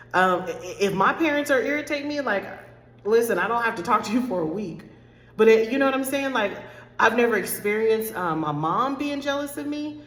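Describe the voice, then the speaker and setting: A woman life coach talking candidly to her followers, choked up and close to tears, repeating herself and calling her viewers y'all. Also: medium pitch. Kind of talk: direct-to-camera talk to followers. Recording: echoey room with long reverb.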